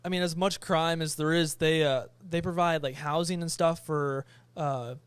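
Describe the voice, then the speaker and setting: A young man on a podcast, casually telling a travel story and acting out the quoted voices with animated energy. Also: a little high, moderate pace, clean tone, no room sound. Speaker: podcast co-host.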